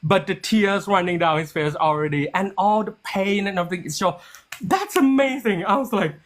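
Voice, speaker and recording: A man who writes and produces a TV series, telling a story in a casual interview. He talks in an animated way, acts out quoted dialogue, and often restarts his sentences with "like". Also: sits high, moderate pace.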